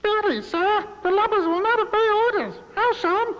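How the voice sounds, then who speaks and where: A very high, shrill master-at-arms yaps out harsh orders, as a man puts on the voice. The recording is muffled and echoey, with faint hiss. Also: moderate pace. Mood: bloodthirsty. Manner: shrill, bloodthirsty yapping. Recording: dull, echoey hall playback.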